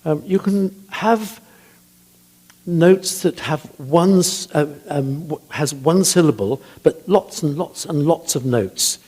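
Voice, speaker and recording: An older man with a husky voice, a church composer telling chatty anecdotes about music, hesitant with frequent ums. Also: on the high side, slow, darkish tone. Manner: chatty, hesitant with many ums, laughs at his own stories. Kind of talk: anecdotal talk.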